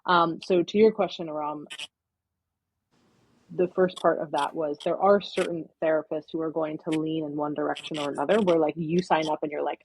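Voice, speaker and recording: A woman's voice: deep voice, steady tone, normal speed, breathy edge, low-quality recording. A woman, a counseling intern, talking in a casual podcast interview, explaining at length with many verbal fillers.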